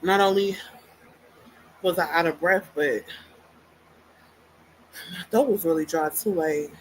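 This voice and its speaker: A woman's voice: lowish voice, fairly even intonation, takes it slowly, slight background noise, low-quality recording. A woman vlogging casually, out of breath and venting bluntly with profanity. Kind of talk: casual personal vlog.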